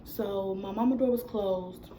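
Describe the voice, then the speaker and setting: A young woman tells a casual storytime for her vlog, speaking a little slowly in a medium-pitched voice. She retells events in an animated way, quoting dialogue, though the audio is poor with a little hiss or hum.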